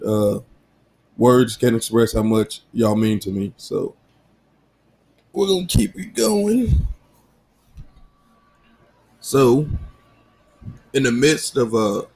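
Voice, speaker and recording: A man in his thirties talks alone into his podcast mic, loose and unscripted. He swears freely and jokes his way through family stories, his voice sitting at an ordinary middle pitch. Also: gravelly, darkish tone. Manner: profane, joking, storytelling. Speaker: podcast host. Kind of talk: casual solo podcast chat.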